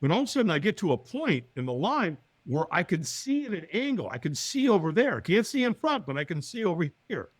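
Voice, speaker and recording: Male podcast guest, energetic storyteller, slightly high voice, acts out quoted lines. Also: a little fast, few pauses, no echo. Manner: acts out quoted voices, often with a higher pitch; lively, talks to the listener with "right?". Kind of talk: animated personal storytelling.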